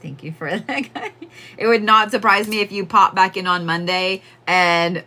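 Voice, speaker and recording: Bright-voiced chatty woman doing livestream readings. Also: mid-range voice, moderate pace. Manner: chatty, talks to chat, laughs often. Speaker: livestream psychic reader.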